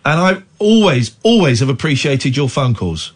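Male late-night radio host, husky and animated, indignant ranting. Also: mid-range voice, moderate pace.

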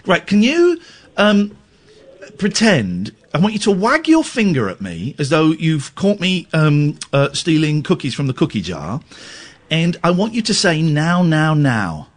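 A man hosts a late-night radio phone-in in a slightly raised voice. His pitch swings widely as he teases callers and gushes with theatrical delight. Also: huge pitch swings, unhurried. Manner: playful, teasing, bursts of exaggerated delight.

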